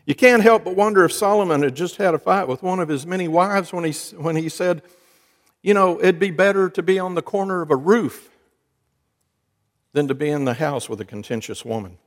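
A man's voice: high voice, fairly quick. A man preaching a sermon, telling folksy jokes and stories with wry asides to his congregation. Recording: long hall reverb.

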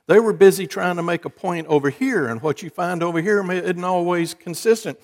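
Telling folksy jokes and stories with wry asides, a man preaches a sermon to his congregation. His voice is high and fairly quick, and the recording has a long hall reverb.

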